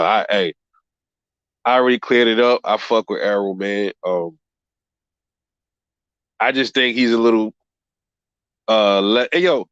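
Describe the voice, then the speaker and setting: A man's voice: lowish voice, a bit bright, no room sound, lo-fi sound. A man hosting a boxing channel livestream, reading viewer comments in a profane, rambling way and calling everyone bro. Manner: profane, rambling, quick to laugh.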